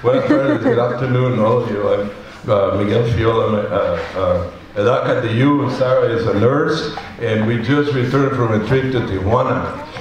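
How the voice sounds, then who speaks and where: A man's voice: medium pitch, far from the mic. Fiery Puerto Rican man at a rally. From Puerto Rico. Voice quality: fiery, emphatic, halting with fillers. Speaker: rally speaker, medical volunteer. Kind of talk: impassioned protest speech and poem reading. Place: outdoor protest rally. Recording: very echoey live rally sound.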